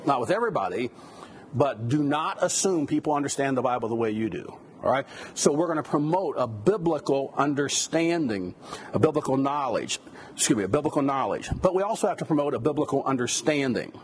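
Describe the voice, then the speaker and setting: A man's voice: mid-range voice, animated, brisk. Male lecturer, plain mid voice, casual teaching tone with rhetorical questions, faint hiss behind. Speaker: biblical counseling instructor. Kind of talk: classroom lecture.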